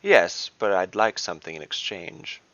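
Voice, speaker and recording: A man's voice: deep voice, sing-song, normal speed, fairly bright tone, heavily acted. A man voicing a mischievous male halfling trickster god in a gleeful, teasing, theatrical way. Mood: playful. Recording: dull dry lo-fi recording.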